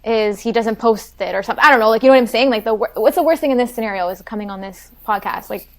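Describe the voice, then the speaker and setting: A young woman talking as a podcast guest in casual chat, chatty and filling her talk with "like". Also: fairly high pitch. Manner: fast and chatty, fills talk with "like". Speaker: podcast guest, Pilates instructor.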